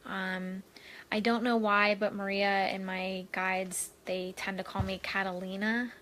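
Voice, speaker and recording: A woman's voice: medium pitch, level tone, measured pace, a bit bright, a little hiss or hum. A woman hosting a casual live stream as a spiritual medium, chatting and rambling with lots of fillers, recorded at home on a webcam. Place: home, Maui.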